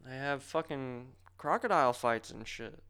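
A man co-hosting a podcast in casual, profane chat, joking and quick to argue. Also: mid-range voice, expressive, a bit bright, clean tone. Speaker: podcast co-host.

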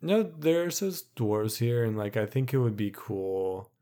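A man's voice: medium pitch, a little slow, mellow. A man co-hosting a podcast, chatting casually about tabletop game lore in a hesitant, agreeable way with many fillers. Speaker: podcast co-host.

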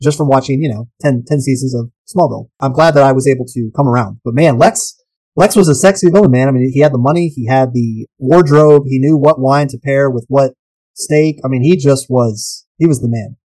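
A man co-hosting a casual podcast over whiskey, joking and swearing freely in animated chat. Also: medium pitch, brisk, no echo, poor audio. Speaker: podcast co-host.

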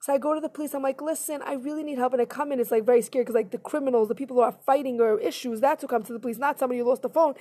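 A woman with a high voice tells a personal story straight to her viewers. She speaks earnestly and emotionally, in a loose, conversational way. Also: racing, hardly any pauses, warm tone. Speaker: vlogger.

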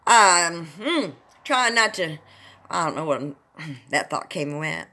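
Woman, bright voice, dramatic scripture reading, chatty asides. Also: fairly low pitch, very animated. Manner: sing-song, drawn-out dramatic reading. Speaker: Bible reader.

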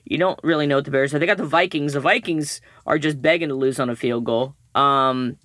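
A man's voice: medium pitch, brisk, fairly bright tone, dry recording, clean studio sound. A man co-hosting a sports podcast, easygoing and agreeable, thinking aloud as he runs through a schedule. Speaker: podcast co-host. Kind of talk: casual sports chat.

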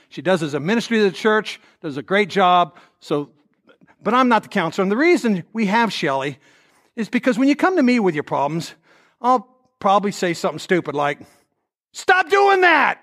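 High-voiced man preaching a story sermon. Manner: storytelling, animated, acts out quotes. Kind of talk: conversational sermon.

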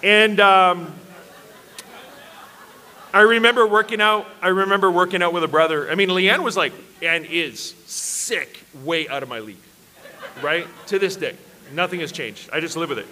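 A man's voice: high voice, moderate pace, pushed and bright. A man preaching at a church worship service, telling self-deprecating, humorous personal stories to a congregation. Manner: self-deprecating, joking storyteller.

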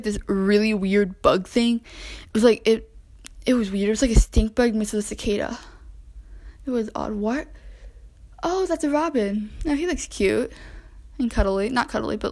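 A young podcast host with a somewhat high, slightly mellow voice chats casually on her own from home. She describes the backyard wildlife she spots through her window, gets distracted, and talks directly to the animals.

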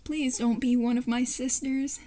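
A woman voicing an excitable young cartoon boy who is easily alarmed, in a high, panicky voice. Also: unhurried, no room sound, close to an everyday voice.

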